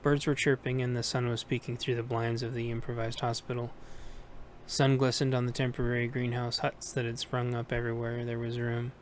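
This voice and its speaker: Flat-voiced man reading an audiobook. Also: medium pitch, fairly quick, slight background noise. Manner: steady, plain reading with small self-corrections. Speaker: audiobook reader. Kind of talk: audiobook narration.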